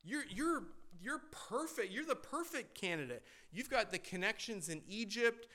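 A preacher voicing a gushing modern churchgoer who flatters with casual slang. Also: male voice, sits high, moderate pace, voice pushed up. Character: gushing modern male churchgoer hyping someone up.

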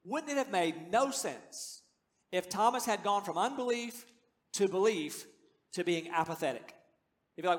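Pastor, male, fifties, high-pitched, earnest sermon delivery with emphatic peaks, long hall reverb. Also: animated, unhurried. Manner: earnest, conversational, rising to emphatic declarations.

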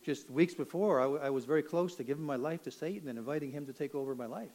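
An older man from Canada telling a personal testimony in an earnest, emotional way, sometimes rising almost to a shout. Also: on the high side, fast, rough recording. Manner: earnest, emotional storytelling, rising to near shouts at dramatic moments. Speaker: testimony speaker.

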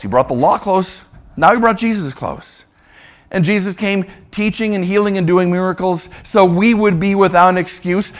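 A man preaching a sermon as a pastor, emphatic, often repeating words for stress and raising his voice when voicing God's words. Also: high voice.

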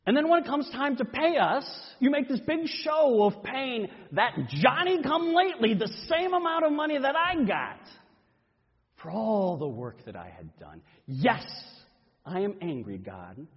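A male pastor delivering a first-person dramatic sermon, telling the story in an expressive, animated way. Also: very high-pitched, measured pace, breathy edge. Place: church sanctuary. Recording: dull reverberant church recording.

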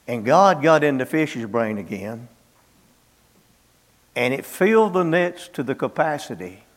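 A middle-aged man preaching a sermon in a folksy storytelling way, acting out biblical dialogue in plain country speech. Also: mid-range voice.

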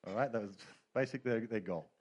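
A man's voice: on the low side, fast, a little mellow, dull audio. A middle-aged man preaching a sermon as pastor, telling stories with humor and quoted voices.

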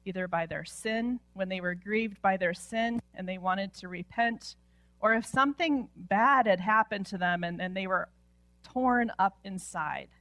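A woman pastor preaching a sermon with impassioned delivery, often dropping to a hushed near-whisper at the ends of phrases. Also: mid-range voice, unhurried, no room sound. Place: church sanctuary.

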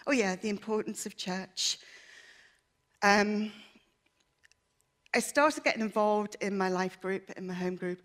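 A woman giving a personal testimony to a church congregation, candid, chatty and self-deprecating, earnest and emotional. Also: mid-range voice.

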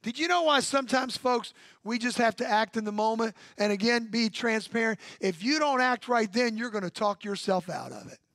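A man's voice: very high voice, moderate pace, few pauses, a bit bright, no echo. A male pastor preaching a sermon in punchy repeated phrases, drawing call-and-response from the congregation.

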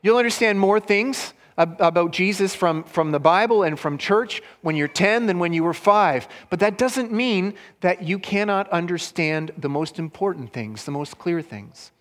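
Man, pastor, sermon for children and adults, storytelling, high-pitched, long reverb. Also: expressive, moderate pace, few pauses, fairly bright tone. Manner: storytelling, rises in pitch for quoted lines. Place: church hall.

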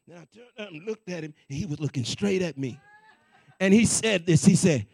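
High gravelly preacher telling a testimony. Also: male voice, a little fast, no room sound. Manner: animated, repetitive, conversational preaching. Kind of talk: sermon testimony storytelling.

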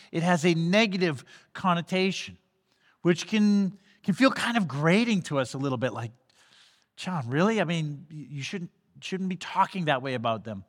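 High-voiced male preacher in a reverberant hall. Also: fairly bright tone. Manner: conversational preaching with frequent restarts, acts out quoted voices. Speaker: pastor. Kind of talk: sermon.

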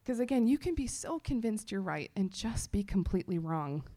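A woman from Texas gives an animated personal testimony to a church audience, speaking in a mid-range voice at a moderate pace. Her talk is full of fillers and quoted self-talk.

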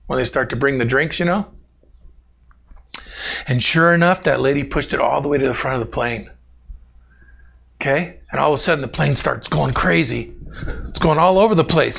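A man preaching in a warm, chatty way, weaving personal stories into his sermon. His voice is a bit high for a man and has a gravelly edge. He often turns to the congregation and addresses people by name. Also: normal speed, long pauses. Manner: animated, talks directly to congregation members by name. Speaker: pastor.

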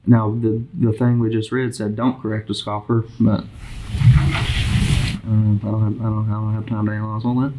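A man leading a small group Bible study, reading scripture aloud and commenting in a conversational, halting way with frequent restarts. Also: lowish voice, level tone. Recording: noisy amateur recording with clicks.

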